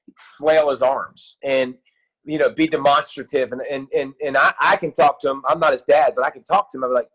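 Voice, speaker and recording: A man in his thirties, a youth football coach, talking in an excited, rambling way with many restarts in a casual interview. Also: mid-range voice, a little fast, low-quality recording.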